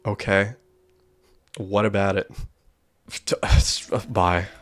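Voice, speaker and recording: A man's voice: sits low, flat delivery, very slow, fairly bright tone, soft background music. A young man streaming a horror game, giving casual, wry commentary and joking about what happens on screen.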